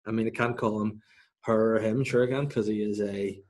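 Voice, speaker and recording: A man's voice: on the low side, fairly even intonation, brisk, a little mellow. A man co-hosting a comedy podcast, chatting casually, laughing often and slipping into silly voices. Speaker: podcast co-host.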